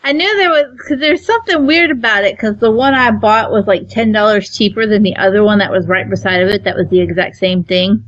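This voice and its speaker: A woman's voice: mid-range voice, a little fast, hardly any pauses, no room sound, lo-fi sound. A woman with a Southern accent, co-hosting a gaming podcast, self-mocking and laughing often. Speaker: podcast co-host. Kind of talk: casual podcast chat.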